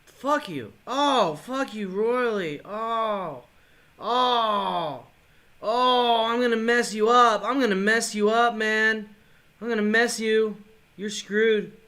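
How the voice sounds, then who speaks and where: A man's voice: high-pitched, slow pace, sharp tone. Man raging and cursing over a game. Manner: swears and rages in bursts, then mutters apologies; taunts his opponent in a mocking tone. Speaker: gaming vlogger. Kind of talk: live reactions while playing a mobile game.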